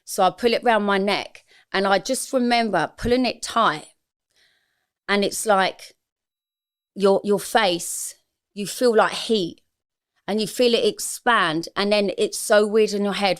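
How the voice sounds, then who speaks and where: A woman's voice: mid-range voice, measured pace, clear, resonant tone. A woman, speaking frankly and emotionally as a guest in a candid interview. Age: 40s.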